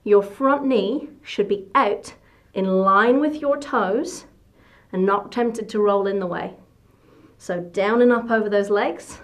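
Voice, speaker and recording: A woman's voice: mid-range voice, slow. Encouraging female fitness instructor. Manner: encouraging, coaching cues in short bursts. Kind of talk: workout instruction.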